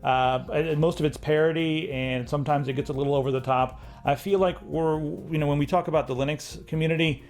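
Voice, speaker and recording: A man's voice: on the high side, steady tone, fairly quick, few pauses, darkish tone. A man co-hosting a casual tech discussion, ranting and critical, with frequent restarts. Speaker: co-host.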